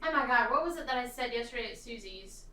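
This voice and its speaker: A woman's voice: fairly high pitch, animated, fast, bright, forceful tone. A woman from the American South co-hosting a casual chat, with playful, teasing banter. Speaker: co-host. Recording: echoey room, distant from mic.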